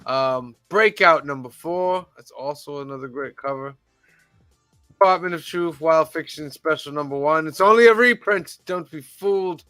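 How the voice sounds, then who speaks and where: A man hosting a casual podcast, reading titles off a list in a measured, deadpan way with wry asides. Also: fairly high pitch, clear, resonant tone, dry recording, soft background music. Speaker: podcast host reading the weekly release list.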